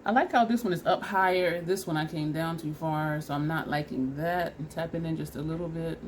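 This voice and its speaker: Chatty woman beauty vlogger, low voice. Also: brisk, a little hiss or hum. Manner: chatty, narrates each step, laughs at herself. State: sniffly and teary from allergies. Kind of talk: casual makeup try-on tutorial.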